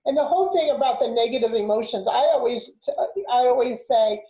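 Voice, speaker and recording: Affirming woman, slightly high voice, echoey. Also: brisk, few pauses, dark tone, highs cut off. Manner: affirming, storytelling. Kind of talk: casual conversation. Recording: echoey room.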